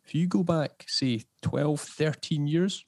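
A man in casual interview chat, an animated storyteller who jumps into high voices when quoting others. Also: slow pace, no echo. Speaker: podcast guest.

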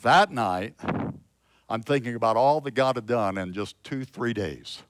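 A man preaching a sermon, slow and emphatic, swinging from loud exclamations to hushed storytelling. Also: medium pitch, dry recording, studio quality. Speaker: pastor.

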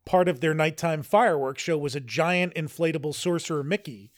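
A man's voice: a little high, a little fast, dry recording. Chatty man, dry close sound. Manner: rambling, frequent restarts and fillers. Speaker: podcast co-host. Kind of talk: casual chat.

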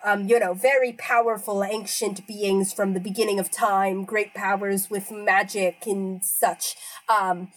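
A woman's voice: mid-range voice, little pitch movement, a little slow, close to an everyday voice, rough recording. A woman voicing a polite, nerdy male wizard scholar who speaks formally and hesitates often. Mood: earnest. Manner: hesitant, filler-heavy, formal. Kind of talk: in-character tabletop role-play.

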